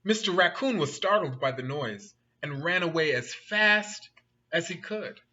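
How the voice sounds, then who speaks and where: Animated man reading a picture book aloud. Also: on the high side, a little slow, dull audio, a little hiss or hum. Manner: animated, asks listeners questions. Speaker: storyteller.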